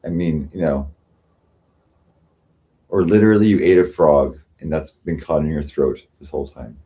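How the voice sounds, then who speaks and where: A man's voice: extremely low pitch, moderate pace, mellow. A man hosting a livestream, ranting sarcastically and with self-pity, often mocking others. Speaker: livestream host. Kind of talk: rambling livestream rant.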